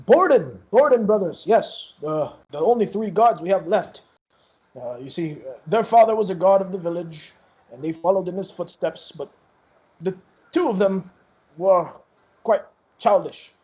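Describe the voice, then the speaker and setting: A man plays a worried village elder in a tabletop game, halting and unsure, pausing often as he asks for help. The voice stays close to his own, a fairly high male voice. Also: warm tone. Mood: explaining. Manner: hesitant, many fillers.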